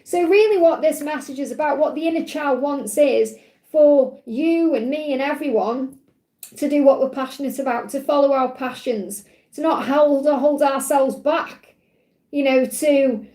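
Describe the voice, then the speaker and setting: A woman's voice: sits high, moderate pace, warm tone, roomy sound. A woman hosting a spiritual live stream, talking in a heartfelt, rambling way with plenty of fillers. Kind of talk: emotional live-stream talk.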